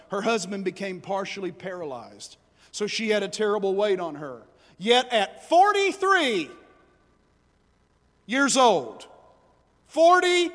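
Man preacher, very high voice, fervent, swings from asides to shouts, long hall reverb. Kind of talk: sermon.

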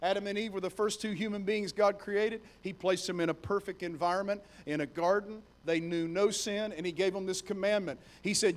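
A young adult man preaching a sermon in a conversational, storytelling way, animated as he retells scenes. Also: high-pitched, brisk, few pauses.

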